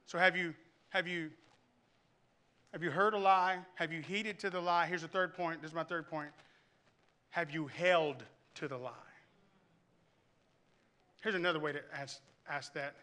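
Speaking with a fairly high pitch at normal speed, a male pastor gives a church sermon full of animated stories. He often restarts sentences and throws questions to the people in the pews.

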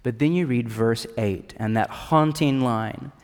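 A pastor preaching a sermon in an animated, casual, joking way. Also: male voice, medium pitch, measured pace, clean tone, big-room sound. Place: church in a city.

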